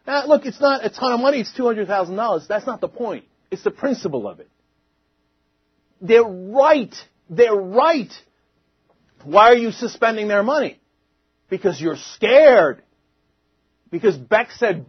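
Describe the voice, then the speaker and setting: A man's voice: sits high, big pitch swings, unhurried, slightly rough, no echo, highs cut off. Indignant man ranting on political talk. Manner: indignant, mocking, punchy delivery. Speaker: political commentary host. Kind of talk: heated political commentary monologue.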